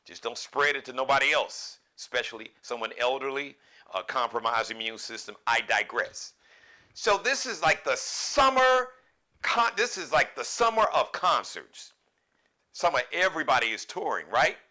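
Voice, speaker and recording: A man hosting a live show, talking in a loose, joking, rambling monologue with sudden animated bursts. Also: medium pitch, moderate pace. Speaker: show host.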